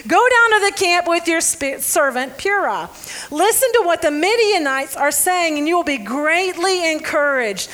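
A woman preaching a sermon, reading scripture and joking with her audience in an animated, playful way. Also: high voice. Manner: animated and playful, laughs often; involves audience members.

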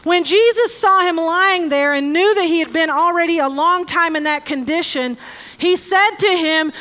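High, bright-voiced woman preaching. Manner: joking, sarcastic asides to the congregation; slow, deliberate scripture reading. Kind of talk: conversational sermon with Bible reading.

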